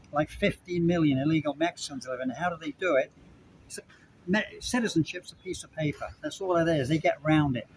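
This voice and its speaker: Rambling man, rather high voice. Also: vocal fry, slight background noise, poor audio. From Britain. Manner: rambling, repeats himself, talks straight to viewers. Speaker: vlogger. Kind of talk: casual evening rant to camera. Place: Puerto Vallarta, Mexico.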